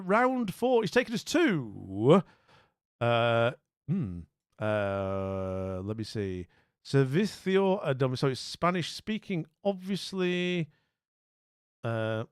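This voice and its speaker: A chatty male streamer who rambles and thinks out loud, greeting viewers as he goes. His voice sits at an ordinary middle pitch. The sound is close and dry. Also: clear, resonant tone, no echo. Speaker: streamer playing a geography guessing game. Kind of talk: casual live-stream commentary.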